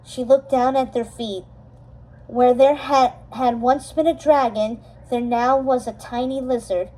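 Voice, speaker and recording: A woman reading a storybook chapter aloud, steady and expressive, slowing down for dramatic moments. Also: a little high, low-quality recording. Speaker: storybook reader. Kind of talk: storybook read-aloud narration.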